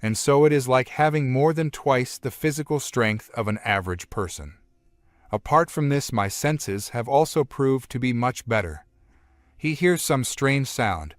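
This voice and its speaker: A man narrating a comic story recap, retelling events one after another with "and then" in a plain, steady way. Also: mid-range voice, moderate pace, no echo, clean studio sound.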